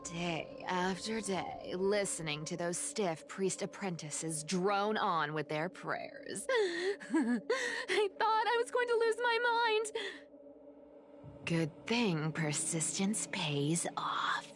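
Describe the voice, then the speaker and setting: A woman's voice: medium pitch, big pitch swings, slow, a little hiss or hum. Giggly sly thief girl. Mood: gleeful. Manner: giggly, mischievous, talks to herself. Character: sly young female thief, playful and scheming. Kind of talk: video game voice acting. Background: game music.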